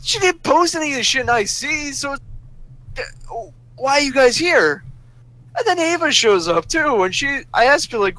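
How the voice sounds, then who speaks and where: Man with a high-pitched voice, venting a foul-mouthed, exasperated rant into a voice chat mic. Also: lively intonation, moderate pace, bright, forceful tone, low-quality recording. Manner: profane, exasperated ranting. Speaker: voice chat participant. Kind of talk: ranting story on a voice call. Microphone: voice chat microphone.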